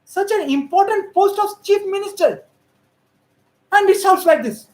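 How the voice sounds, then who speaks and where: A woman's voice: very high voice, a little slow, darkish tone. A woman giving critical, emphatic political commentary on how politicians speak. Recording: roomy echo.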